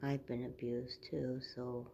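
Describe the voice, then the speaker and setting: A woman in her forties chatting casually on a home vlog, rambling between everyday news and soft baby talk to her dog. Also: extremely low pitch, flat delivery, slow pace, creaky, muffled recording, slight background noise. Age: 40s. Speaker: vlogger.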